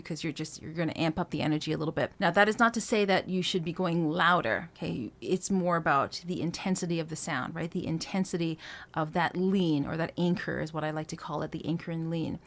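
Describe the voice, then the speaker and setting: A low-pitched woman, working as a vocal coach, gives a singing lesson, explaining technique casually and slipping into short sung phrases to demonstrate. She thinks aloud, with plenty of fillers.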